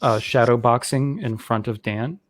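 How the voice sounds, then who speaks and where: A man's voice: mid-range voice, moderate pace, no echo. A man from Atlanta, telling stories hesitantly with many fillers in a casual video call chat. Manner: hesitant, filler-heavy storytelling.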